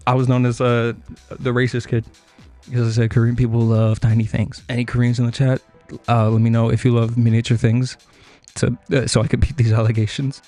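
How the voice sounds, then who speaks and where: A man's voice: medium pitch, completely flat delivery, a little fast, mellow. A young man tells a storytime in a loose, rambling way. He swears freely, stacks up filler words and laughs at his own tangents. Faint music plays behind him. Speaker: streamer telling a story.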